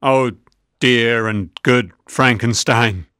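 A man's voice: mid-range voice, steady tone, slow pace, fairly bright tone, no echo, clean studio sound. A man voicing a grieving, remorseful male monster in a storybook reading, moaning and drawn out. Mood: mournful.

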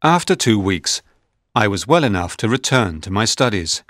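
Male storybook narrator, measured and plain, low pitch, dry close audio. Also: sing-song, fairly bright tone, no room sound.

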